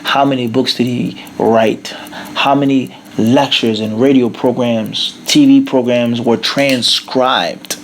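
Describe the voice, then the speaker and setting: A man's voice: medium pitch, fairly even intonation, slow, a little hiss or hum. A man teaching a religious lecture, emphatic, asking rhetorical questions and weaving Arabic terms into his English. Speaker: Islamic teacher. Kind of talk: lecture explaining a classical text.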